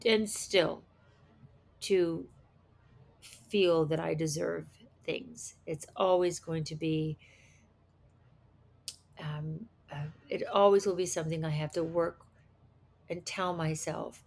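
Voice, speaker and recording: A middle-aged woman guest in a casual interview, often halting and restarting her sentences. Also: sits low, steady tone, vocal fry, darkish tone.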